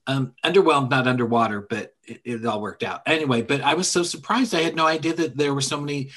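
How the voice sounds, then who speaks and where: Man, husky voice, rambling, playful, podcast co-host, call mic. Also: mid-range voice, fast talker, fairly bright tone. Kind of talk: casual podcast discussion. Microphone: remote call microphone.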